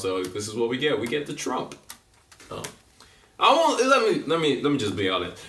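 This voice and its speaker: Man, casual vlogger, rambling and joking, bright edgy tone, echoey room, mic a bit far off. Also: mid-range voice. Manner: loose and joking, with lots of fillers and slang. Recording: roomy echo, mic at a distance.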